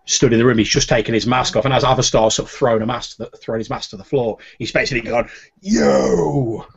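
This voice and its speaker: Husky man narrating a tabletop game. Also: medium pitch, fairly even intonation, quick pace. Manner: casual, many fillers like "like" and "sort of". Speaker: game master. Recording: dull lo-fi recording.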